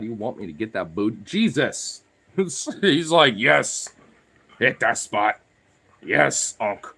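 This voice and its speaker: A man's voice: on the low side, fairly bright tone, breathy edge. A man vlogging in a rambling, filler-heavy casual chat, now and then talking to his dogs.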